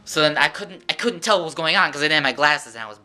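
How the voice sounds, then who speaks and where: Guy rambling thru a story on his vlog, super bright tense voice, does the voices of everyone he quotes. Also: on the high side, lively intonation, fast talker. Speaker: vlogger. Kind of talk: casual storytelling monologue.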